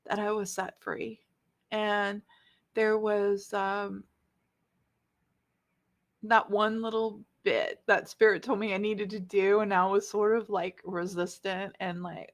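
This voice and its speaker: A middle-aged woman talks straight to her viewers about her spiritual path, open and confiding. Her voice sits in an ordinary mid range for a woman and carries emotion close to tears. She rambles a little, with many pauses and fillers. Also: medium pitch, little pitch movement. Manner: candid and confiding, with many fillers, turning tearful. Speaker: spiritual vlogger. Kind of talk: personal spiritual talk to camera.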